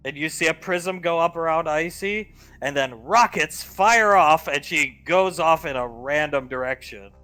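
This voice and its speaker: Give me a bright-voiced man narrating a tabletop game as game master. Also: a little high, measured pace, few pauses. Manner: descriptive, steady narration.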